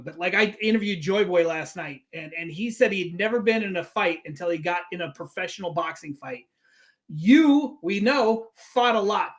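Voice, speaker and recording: A man with a notably high voice, hosting a casual interview over a video call. He talks in a chatty, rambling way, full of fillers, and trails into long questions. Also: fairly bright tone. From United States. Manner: chatty, friendly, with many fillers. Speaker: interviewer and host.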